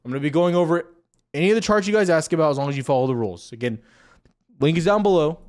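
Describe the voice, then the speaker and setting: A man's voice: on the high side, animated, very fast. A young man hosting casual stock market commentary, talking straight to viewers over charts with joking asides.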